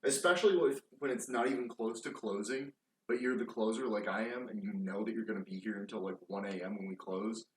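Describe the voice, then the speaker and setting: A young man, co-host of a casual podcast, telling animated work stories and swearing freely. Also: on the low side, brisk, distant mic. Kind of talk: casual chat. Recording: roomy echo, off-mic, faint noise.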